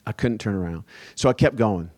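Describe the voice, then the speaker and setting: A man's voice: on the low side, expressive, brisk, darkish tone. Casual storytelling male pastor. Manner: casual, conversational storytelling with fillers. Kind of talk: sermon told as a personal story.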